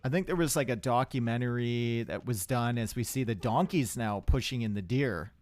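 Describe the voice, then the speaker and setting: A man's voice: medium pitch, normal speed, darkish tone. A young man casting a live strategy game match, chatty and rambling, with asides to his chat. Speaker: esports caster.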